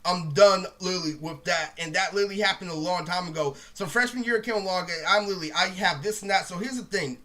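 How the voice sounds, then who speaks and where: A young man tears through a rambling storytime rant at speed, swearing freely and leaning on "literally" again and again. His voice sits high and bright, with a tense edge. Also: quick pace, hardly any pauses. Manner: profane, rambling, says "literally" constantly. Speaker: vlogger.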